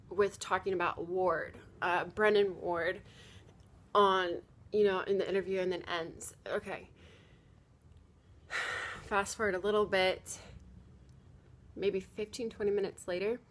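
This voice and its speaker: A young woman vlogging casually, rambling through a story with lots of fillers and quoted asides. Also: mid-range voice.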